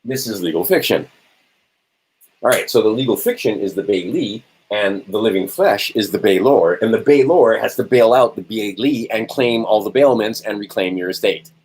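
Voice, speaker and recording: Brief: man giving a casual lecture, low and husky, rhetorical, halting with fillers. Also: a little mellow, low-quality recording. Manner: rhetorical, keeps checking in with "right?"; answers his own questions, halting with fillers. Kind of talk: informal lecture to a small audience.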